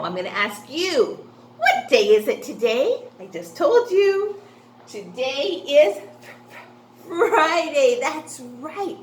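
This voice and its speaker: A woman's voice: high voice, fairly bright tone, roomy sound, a little hiss or hum. A woman teaching a phonics lesson to young children, sing-song and encouraging, asking questions and answering them herself.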